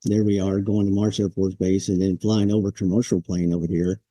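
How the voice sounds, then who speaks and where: Male vet guest, 40s, deep mellow tone, easygoing anecdotes, dry close mic. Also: flat delivery, fairly quick, no room sound. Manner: laid-back, chuckles, acts out quoted drill instructors. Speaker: podcast guest, Marine veteran. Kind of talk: casual storytelling interview.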